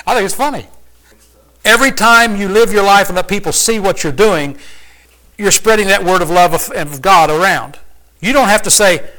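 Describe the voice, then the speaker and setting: Folksy man preacher, high and bright, teaches casually and quizzes the room. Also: lively intonation, normal speed, pauses often, rough recording. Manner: folksy, conversational, asks the listeners questions. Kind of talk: informal Bible teaching.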